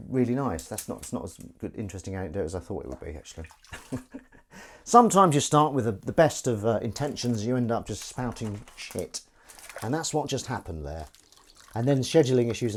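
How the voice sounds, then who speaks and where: A man with a fairly low voice chats casually to his live-stream viewers from his kitchen. He rambles, loses his thread and pokes fun at himself, while water and dishes clink faintly in the background. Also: a little hiss or hum. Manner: rambling, self-deprecating, chatty. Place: home kitchen, washing up while talking. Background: faint running water and dish clatter.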